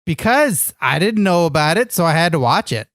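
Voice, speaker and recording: A man co-hosting a comedy wrestling podcast, goofy and deadpan in his banter. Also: fairly high pitch, moderate pace, dry recording, clean studio sound. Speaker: podcast co-host.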